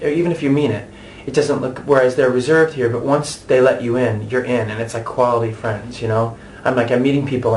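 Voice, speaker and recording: An American man in his thirties talks freely in an interview, animated and chatty, often restarting his sentences. His voice sits at a medium pitch. A faint hiss of background noise runs under the recording. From United States. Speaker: interviewee, stage actor. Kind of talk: candid conversational interview.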